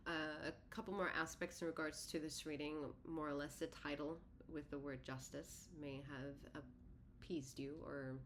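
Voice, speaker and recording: A woman's voice: low-pitched, level tone, normal speed, hardly any pauses, a bit bright, slight background noise. A woman tarot reader talking casually to her viewers, rambling and correcting herself, her words a little lisped and slurred. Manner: rambling, self-correcting, conversational; slightly lisping, slurred words. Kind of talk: solo tarot reading to camera.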